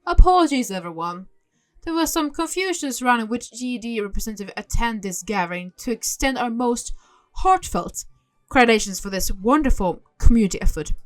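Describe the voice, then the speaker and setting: A smug, scheming villainess from a horse-riding game, haughty and falsely polite, as a woman reads her lines aloud. Her voice sits fairly high for a woman. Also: expressive, fairly quick, faint music behind, natural voice. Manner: reading game dialogue aloud.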